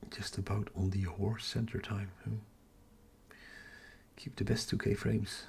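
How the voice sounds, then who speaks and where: A man, hosting a live telescope stream in a hushed whisper, halting and correcting himself as he works outdoors at night. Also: fairly low pitch, level tone, vocal fry, a little hiss or hum. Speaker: astrophotography livestream host.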